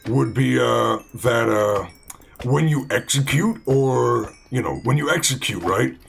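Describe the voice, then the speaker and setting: Slow gravelly-voiced man rambling. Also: medium pitch, expressive, faint music behind. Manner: rambling, full of fillers and restarts. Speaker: let's play host. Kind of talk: casual gaming commentary.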